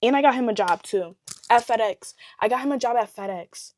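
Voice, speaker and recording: A woman's voice: fairly high pitch, brisk, slight background noise. A young adult woman telling a storytime on her channel, blunt and profane, rambling and laughing often. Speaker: vlogger. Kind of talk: casual storytime chat.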